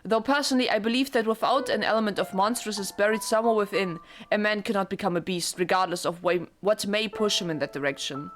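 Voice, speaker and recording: A woman voicing a chillingly gentle young maid, speaking softly and formally as she reads a visual novel aloud. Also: medium pitch, fast, hardly any pauses, close to an everyday voice. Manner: soft, formal and courteous.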